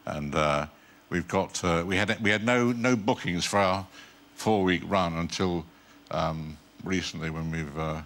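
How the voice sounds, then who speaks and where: A man's voice: low-pitched, measured pace, a bit bright. An older man, a guest actor on a TV talk show, telling wry anecdotes in a dry, chuckling way. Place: TV studio with live audience.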